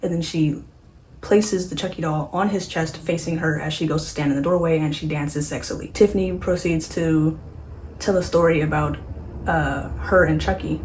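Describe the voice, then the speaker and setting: A woman chats through a horror movie recap in a casual, sarcastic way, tossing off quick asides. Her voice sits on the low side. A faint hum of noise runs underneath. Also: steady tone, a little mellow, poor audio.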